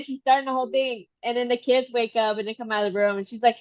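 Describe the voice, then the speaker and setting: A woman chatting casually as a podcast co-host, telling a story with lively, dramatic retellings. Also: fairly high pitch, fast, hardly any pauses, no room sound, lo-fi sound. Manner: animated, acts out her daughter's whiny voice.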